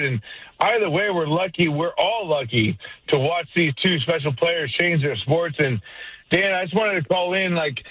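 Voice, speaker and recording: A man's voice: fairly high pitch, no room sound. An enthusiastic man calling in to a sports radio show, talking casually over the phone. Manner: enthusiastic, rambling. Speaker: caller. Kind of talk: casual call-in chat. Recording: dull phone line.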